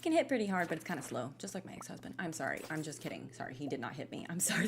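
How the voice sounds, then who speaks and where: A woman's voice: sits low, sing-song, rapid-fire, a little hiss or hum. Giggly woman rambling over a game. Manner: giggly, rambling, self-deprecating. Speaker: gaming streamer. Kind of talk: casual gameplay commentary.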